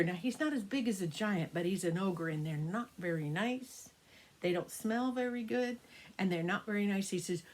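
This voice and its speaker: An older woman, a grandmother, improvising a children's story, animated and sometimes dropping to hushed whispers. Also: mid-range voice, moderate pace.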